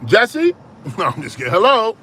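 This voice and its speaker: A man's voice: sits high, huge pitch swings, normal speed, pushed and bright, slight background noise. A man hosting a call-in show, joking and laughing through casual phone banter.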